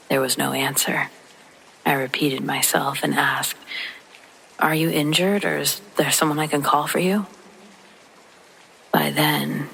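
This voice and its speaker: A narrator reading a scary story aloud in a soft, half-whispered, steady way, made for listening to at bedtime. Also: mid-range voice, creaky, slightly rough, rough recording. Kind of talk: hushed sleep-story narration. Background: faint rain.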